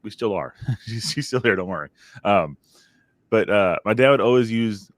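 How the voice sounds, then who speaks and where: Earnest low-voiced man on a podcast. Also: lively intonation, moderate pace, no room sound, studio quality. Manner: earnest, reflective, asks the listener questions. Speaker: podcast co-host. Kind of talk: casual faith-based parenting chat.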